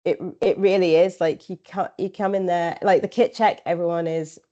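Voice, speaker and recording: A woman's voice: on the low side, fairly even intonation, moderate pace, mellow. A woman, a podcast guest chatting casually, rambling with lots of fillers and quoted asides. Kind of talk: casual interview chat. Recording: slightly dull lo-fi audio.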